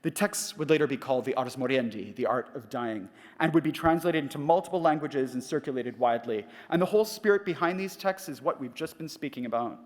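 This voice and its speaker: A middle-aged man giving a prepared conference lecture, measured and reflective, asking rhetorical questions. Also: medium pitch. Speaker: conference speaker. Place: large conference hall. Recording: reverberant hall.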